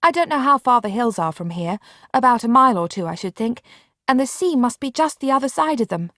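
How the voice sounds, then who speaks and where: Woman reader voices impulsive little girl, high, eager, pleading, breathless. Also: expressive, brisk, fairly bright tone, no room sound, studio quality. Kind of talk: audiobook character reading.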